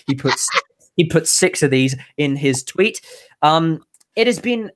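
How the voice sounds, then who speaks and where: A woman's voice: sits low, lively intonation, slow. A woman co-hosting a casual motorsport news podcast, bubbly and rambling, often restarting her sentences. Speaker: podcast co-host presenting news.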